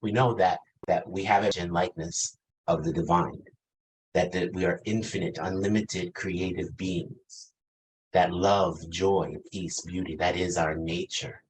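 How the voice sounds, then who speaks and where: Man, 50s, pastor, low pitch, reflective sermon, questioning tone, faint background hiss. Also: fairly even intonation, a little slow, rough recording. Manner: reflective, asks questions, laughs lightly.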